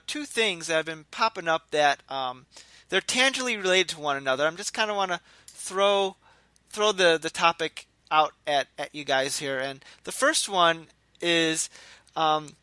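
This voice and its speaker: Man, co-host, high voice, bright tone, blunt, opinionated, quick to laugh. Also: no echo. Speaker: podcast co-host. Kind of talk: casual chat.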